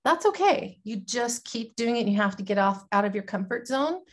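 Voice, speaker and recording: A woman's voice: on the high side, expressive, normal speed. A woman guest in a casual interview, talking about her small business in a plain, matter-of-fact way.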